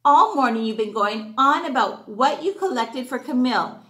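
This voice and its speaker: A woman reading aloud and voicing an angry male crab who talks back fast and defensively. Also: high voice, lively intonation, bright, forceful tone, reverberant. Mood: resentful.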